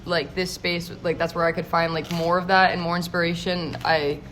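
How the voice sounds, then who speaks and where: A woman's voice: fairly low pitch, level tone, moderate pace, a bit bright, slight background noise. A young woman in a band, talking casually in a thoughtful, rambling way. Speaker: band member. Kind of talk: casual interview chat. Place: pizza shop.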